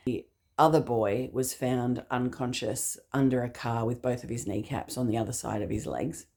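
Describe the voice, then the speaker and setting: A woman in her fifties with an Australian accent, telling a personal story in an earnest, measured way. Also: rumbling low, husky. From England. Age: 50s. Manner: earnest, measured, dropping quiet at grave moments. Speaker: speaker.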